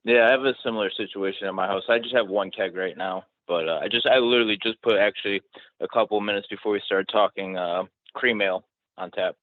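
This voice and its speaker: A man's voice: fairly low pitch, steady tone, fast talker, no echo. A man hosting a podcast in casual conversation, easygoing and self-deprecating. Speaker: podcast host. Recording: dry, phone-like audio.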